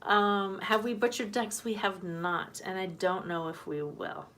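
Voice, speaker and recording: A woman's voice: medium pitch, a little slow, a bit bright. A woman hosting a homesteading live stream, chatting loosely, greeting viewers from the comments and laughing easily. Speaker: homesteading channel host. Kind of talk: casual live-stream chat.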